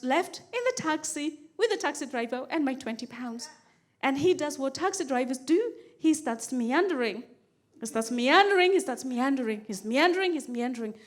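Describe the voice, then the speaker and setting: High-voiced woman telling stand-up stories. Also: moderate pace. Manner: animated storyteller, repeats phrases for comic rhythm. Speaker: stand-up comedian. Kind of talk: stand-up storytelling.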